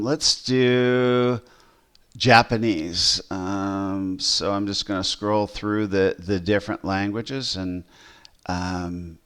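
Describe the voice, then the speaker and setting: Man casually demoing software. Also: lowish voice, clean tone. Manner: rambling with fillers and restarts. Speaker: pastor.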